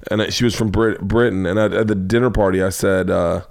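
An American man in his forties talks through his own comedy show in a loose, rambling monologue. He swears freely and tells stories with animated energy. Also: deep voice, fairly quick, gravelly. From United States. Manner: profane, rambling, animated storytelling. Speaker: comedian podcast host.

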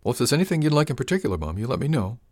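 A man's voice: mid-range voice, very animated, racing, a little mellow, dry recording, studio quality, pitched above the performer's own voice. A man voicing a polite, caring young village hunter who speaks respectfully and earnestly.

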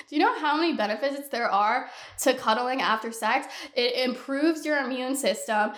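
A woman's voice: high voice, unhurried, fairly bright tone, roomy sound. A woman in her twenties hosting a podcast alone, ranting candidly in casual talk and swearing freely. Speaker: podcast host. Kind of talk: casual solo podcast rant.

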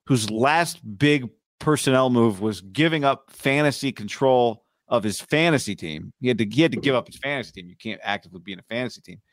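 A man's voice: mid-range voice, expressive, no room sound, studio quality. Wry man co-hosting a sports chat. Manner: wry, deliberate, sarcastic. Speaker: podcast co-host.

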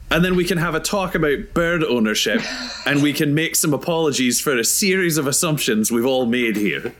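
A man with a fairly high, lively voice plays in a tabletop role-play. He speaks earnestly, reasoning things out with his fellow players. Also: brisk, slight background noise.

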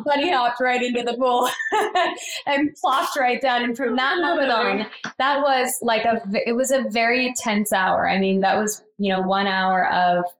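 A woman in her thirties telling her birth story in casual conversation, full of fillers and lively quoted lines. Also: a little slow, poor audio. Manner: animated, acts out quoted lines with higher pitch, frequent fillers.

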